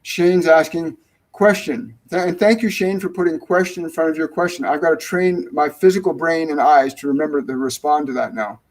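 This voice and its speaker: A man's voice: a little high, moderate pace, low-quality recording. A middle-aged man hosting a live-stream spiritual Q&A, rambling and repeating phrases for emphasis. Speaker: spiritual medium, show host.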